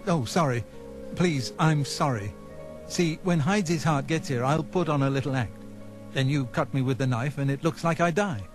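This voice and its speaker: Man as a flustered nobleman in a video game, fussy and apologetic, fairly high voice, overdone foreign lilt, soft game music behind. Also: moderate pace, lightly acted. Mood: nervous. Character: nervous, fussy male nobleman in hiding.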